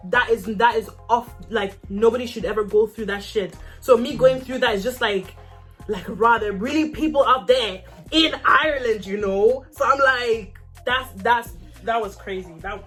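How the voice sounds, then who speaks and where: A young woman in her twenties hosting a casual chat with friends, telling a story in an animated way and repeating her lines. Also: fairly high pitch, moderate pace, faint music behind. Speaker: vlog host.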